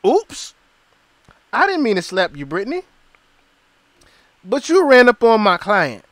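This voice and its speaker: A man putting on a big male bodyguard who is sheepish and apologetic, speaking a little higher than his own voice. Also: huge pitch swings, slow pace, fairly bright tone, dry recording, heavily acted.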